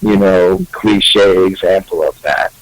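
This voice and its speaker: A man in a casual podcast chat who talks hesitantly, in halting phrases full of fillers. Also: deep voice, huge pitch swings, vocal fry, dry recording, rough recording.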